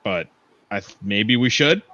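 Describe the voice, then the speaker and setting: A man's voice: fairly low pitch, lively intonation, measured pace, sharp tone, no echo. A man playing a tabletop game, trading crude jokes in casual banter, in a dry, dull lo-fi recording. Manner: crude, joking. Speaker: player.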